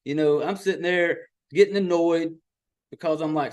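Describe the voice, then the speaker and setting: A middle-aged man, exasperatedly recapping a movie in a profane, animated podcast rant. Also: fairly high pitch, normal speed. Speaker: podcast host.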